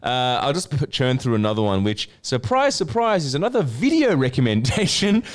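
A man's voice: medium pitch, very animated, fairly quick. An Australian man co-hosting a podcast, reading out viewer requests in a loose, rambling way with laughs and swearing. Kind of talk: casual podcast chat.

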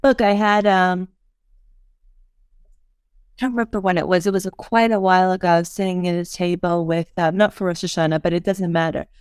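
A woman's voice: lowish voice, fairly even intonation, a little fast, darkish tone, smooth, no room sound, clean studio sound. A woman hosting a podcast interview, talking in an earnest, thoughtful way and often quoting what people say. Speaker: podcast host. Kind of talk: casual interview chat.

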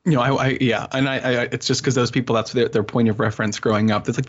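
A man's voice: medium pitch, fairly even intonation, quick pace, lo-fi sound. A man guesting on a podcast, chatting casually and rambling with many restarts, from Philadelphia. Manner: rambling, self-interrupting. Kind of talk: casual chat.

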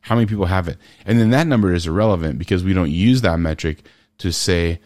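A podcast host in casual commentary, ranting sarcastically and firing off rhetorical questions. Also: male voice, low-pitched, moderate pace, darkish tone, no room sound.

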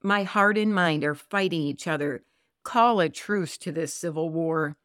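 A woman co-hosting a Christian podcast, talking earnestly and reading scripture slowly and expressively. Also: sits low, a bit bright, dry recording, clean studio sound. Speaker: podcast co-host.

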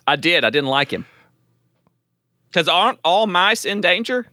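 Southern US man, co-host, dry humor, lively pitch, bright voice. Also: a little slow, dry recording. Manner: dry joking. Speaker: podcast co-host. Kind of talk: casual chat.

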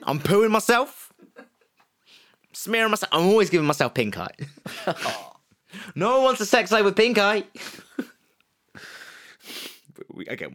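A man, casually telling a true-crime story on a podcast, animated and jokey, slipping into quick put-on voices. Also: high voice. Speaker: podcast co-host.

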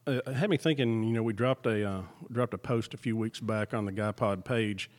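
A man's voice: fairly low pitch, brisk, in a large hall. A man with a Southern accent, co-hosting a podcast in laid-back, joking banter. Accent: Alabama Southern. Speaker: podcast co-host. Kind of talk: casual chat.

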